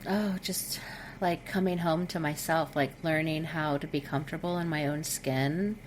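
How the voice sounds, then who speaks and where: A middle-aged woman speaking as a podcast guest over a video call, candid and expressive, with frequent fillers. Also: low voice, normal speed, slight background noise. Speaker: guest, intimacy coach. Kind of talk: casual podcast conversation.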